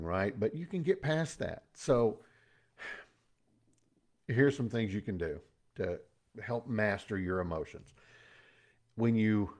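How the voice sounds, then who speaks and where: A man's voice: lowish voice, darkish tone. A middle-aged man giving a casual motivational talk as host, chatty and folksy, with pop-culture asides.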